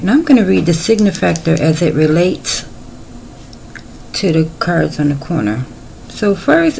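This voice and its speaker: A woman's voice: lowish voice, gravelly, a little mellow, a little hiss or hum, poor audio. A middle-aged woman giving a casual tarot reading, chatty and folksy with playful asides. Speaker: tarot reader.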